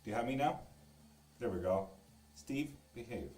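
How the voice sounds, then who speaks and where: A man's voice: mid-range voice, lively intonation, moderate pace, a little mellow, recorded from a distance. A man doing a casual live stream as a tarot reader, joking and swearing freely as he answers viewers. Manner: loose, joking, swears freely while reading viewer comments. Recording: echoey room, voice away from the mic.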